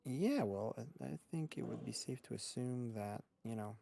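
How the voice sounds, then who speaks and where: A man narrating as game master, describing scenes in a relaxed way with frequent restarts. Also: medium pitch, normal speed, gravelly.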